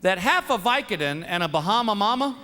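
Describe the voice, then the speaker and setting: High, lively middle-aged male comedian. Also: fairly quick, long reverb tail. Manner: animated, self-mocking storyteller. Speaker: stand-up comedian. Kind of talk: stand-up comedy. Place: stage before a live audience. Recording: live show with crowd laughter and noise.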